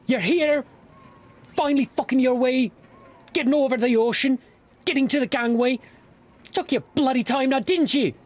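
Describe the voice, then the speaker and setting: A man voicing a grumpy, foul-mouthed old male dwarf dockmaster in a tabletop game, shouting and cursing impatiently. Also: very high voice, normal speed, long pauses, pitched above the performer's own voice. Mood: angry, yelling. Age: older.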